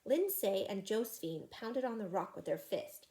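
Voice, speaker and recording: A woman reading a children's chapter book aloud in an expressive, animated way. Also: mid-range voice, moderate pace. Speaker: reader.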